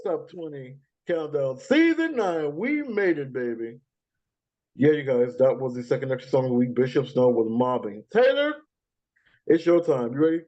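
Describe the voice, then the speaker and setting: A man's voice: medium pitch, sing-song, normal speed, a little mellow, muffled recording. A man hosting a music countdown podcast in a casual, chatty way. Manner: chatty, with frequent fillers and laughs. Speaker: podcast host. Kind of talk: casual countdown show chat.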